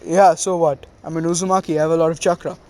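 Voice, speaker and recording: A man putting on a cocky teenage ninja boy with a smug attitude. The speech is halting and full of fillers. The pitch sits a bit high. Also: flat delivery, a little mellow, lightly acted. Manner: halting, filler-heavy delivery.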